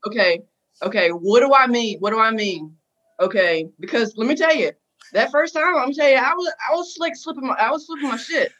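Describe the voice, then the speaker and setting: A woman speaks as a podcast guest in a candid, casual way. She is emphatic and repeats key lines. Her voice is a little high, and the recording is dull and lo-fi. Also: a little fast, a bit bright. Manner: frank, emphatic, repeats herself. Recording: dull lo-fi sound.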